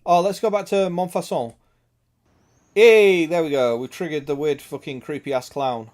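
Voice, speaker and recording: A man's voice: on the high side, steady tone, normal speed, darkish tone. A young man streaming a game, chatting crudely with lots of swearing and laughter. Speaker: gaming streamer. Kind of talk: casual gameplay chat.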